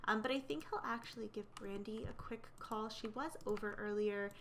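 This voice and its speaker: A woman's voice: mid-range voice, moderate pace, fairly bright tone, slight background noise. A young woman narrating a life simulation game in a casual, chatty way, full of fillers and gossip. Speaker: let's play narrator.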